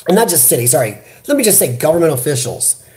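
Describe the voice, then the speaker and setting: Animated chatty American man. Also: a little high, fast. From United States. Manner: animated, chatty, reads viewer comments aloud. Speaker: livestream host. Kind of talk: casual live chat. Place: hospital room. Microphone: computer webcam.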